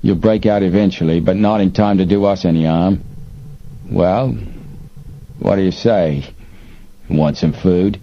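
A threatening smuggler boss drawls out his demands in a slow, sour way, as a man acts him out. The voice sits low, and the storybook recording sounds muffled with a faint hiss behind it. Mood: menacing. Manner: slow, sour, menacing delivery. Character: menacing male smuggler chief, sour and threatening.

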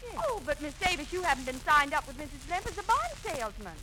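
A woman's voice: sits high, big pitch swings, fast, bright, forceful tone, slight background noise, heavily acted, rough recording. Sugary, coaxing young woman. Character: sweet, coaxing young woman selling bonds. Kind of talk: 1940s radio comedy acting.

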